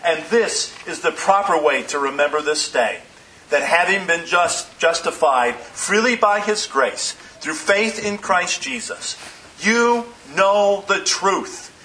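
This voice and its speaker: A man preaching a sermon as pastor, in measured phrases that slow down for emphasis. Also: a little high, pushed and bright, poor audio.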